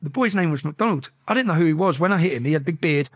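A man telling a story as a podcast guest, animated and profane, acting out shouted exchanges. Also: a little high, very fast. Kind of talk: casual storytelling.

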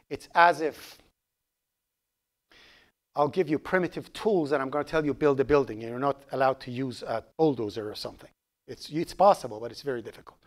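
A man with a Persian accent giving a programming lecture, animated and joking, asking the class questions as he goes. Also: mid-range voice. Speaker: programming instructor.

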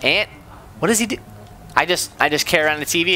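A man hosting a let's-play, joking excitably as he plays a game, with game music behind him. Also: fairly high pitch, fast talker, pauses often. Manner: excitable, goofy, jokey. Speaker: gaming channel host.

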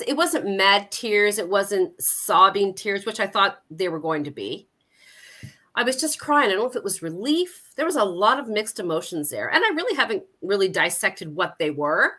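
A woman's voice: mid-range voice, pushed and bright. A middle-aged woman from Canada, a guest in an interview, telling a personal story candidly with frequent self-corrections. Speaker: guest, Alzheimer's support coordinator. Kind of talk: conversational interview.

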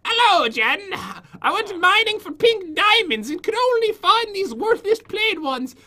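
A whiny male villager from a block-building game begs for help in a clumsy, overdone mock Irish accent. His voice sits high and bright and swoops all over, as a player puts him on. It is a playful put-on, never a real accent. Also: very animated, measured pace, exaggerated voice. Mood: whiny pleading. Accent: clumsy mock Irish attempt.

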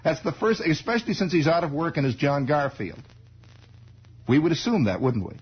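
A man's voice: fairly high pitch, big pitch swings, fairly quick, husky. An American man in his forties, hosting a radio show with a rambling, wry storytelling monologue full of asides, heard on a dull archival recording. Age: 40s. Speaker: radio host.

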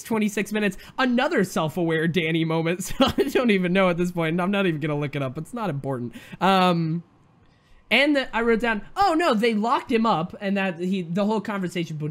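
A man hosting a casual review of a TV show, rambling and chatty, with frequent fillers and self-interruptions. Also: high-pitched. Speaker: host.

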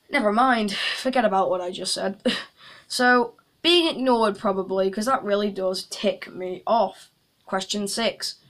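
A woman's voice: mid-range voice, a bit bright. A young woman chatting casually in a vlog, making jokey asides to viewers. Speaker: YouTuber.

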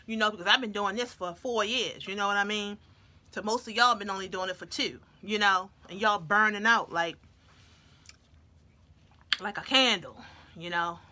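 A woman's voice: mid-range voice, normal speed, long pauses, sharp tone. A woman vlogger chatting playfully to her viewers while she eats, talking between bites. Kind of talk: casual chat to viewers while eating.

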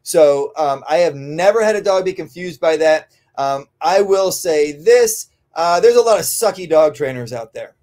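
A man who trains dogs, answering listener questions in a casual podcast, often tagging "right?" and filling pauses with "um". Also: a little high, animated, a little mellow. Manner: conversational, frequent "um" and tag "right?". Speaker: dog trainer.

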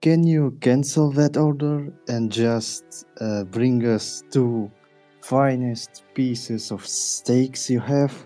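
Male player, slow and mellow, courteous. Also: medium pitch, soft background music. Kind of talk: casual tabletop play.

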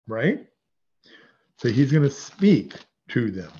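A man's voice: medium pitch, sing-song, takes it slowly, long pauses, dark tone, slightly rough, lo-fi sound. A man giving a conversational, digressive Bible teaching in a video, sometimes correcting himself as he goes.

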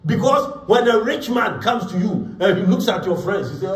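High-pitched preacher in an echoey hall. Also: male voice, expressive, normal speed. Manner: emphatic, repeats words, acts out quotes. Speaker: pastor. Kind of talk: sermon. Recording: echoey room, voice from far off.

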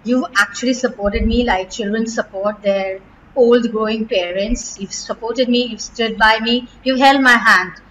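A middle-aged woman with an Indian English accent, a school principal giving a heartfelt farewell to graduating students, emotional and close to tears, often pausing and restarting. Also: on the high side, steady tone, fairly bright tone, highs cut off, slight background noise. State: near tears.

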